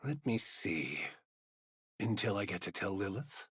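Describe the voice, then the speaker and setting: Wry aging commander. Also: male voice, lowish voice, big pitch swings, measured pace, a bit bright, husky, no echo, heavily acted. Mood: teasing. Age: older. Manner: dry teasing banter. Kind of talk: game voice acting.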